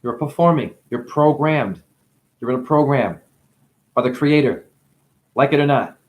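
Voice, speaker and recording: A man's voice: mid-range voice, a little slow. A man giving a rambling spiritual monologue, free-associating with wordplay, swearing often and breaking into laughter. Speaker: self-styled spiritual teacher.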